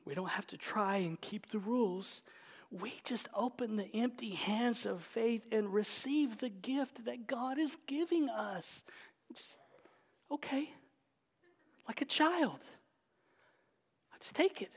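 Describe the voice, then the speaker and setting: A man preaching an Easter sermon, moving between loud exclamations and hushed whispers. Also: sits high, slow pace, long pauses, breathy edge. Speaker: pastor. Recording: long reverb of a large hall.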